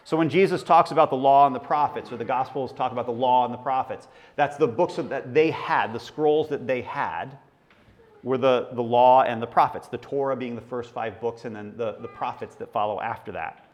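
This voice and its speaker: A man's voice: mid-range voice, moderate pace. Conversational preacher man teaching scripture. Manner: conversational, asks the congregation questions. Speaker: pastor. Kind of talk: sermon.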